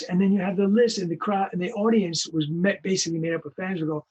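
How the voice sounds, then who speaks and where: An older male voice actor telling animated anecdotes in an interview, acting out the voices of the people he quotes. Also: high-pitched, fast, breathy edge, muffled recording. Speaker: guest voice actor. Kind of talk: storytelling interview.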